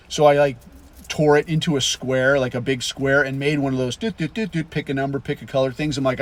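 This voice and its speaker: A man's voice: medium pitch, fairly quick. A man hosting a podcast, talking in a blunt, profane, casual monologue and acting out the lines of people he quotes. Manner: blunt, swearing constantly, brash; animated storyteller, acts out quotes. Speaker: podcast host.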